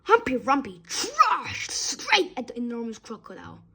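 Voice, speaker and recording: A woman's voice: high-pitched, wildly swooping pitch, normal speed, bright, forceful tone, husky. A woman reading a children's story aloud expressively, with small slips.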